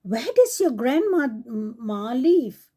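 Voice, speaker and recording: A woman's voice: fairly high pitch, big pitch swings, drawn-out words, warm tone, full character voice. A woman voicing a cruel, greedy male wolf who talks in a falsely friendly way in a children's story. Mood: sly.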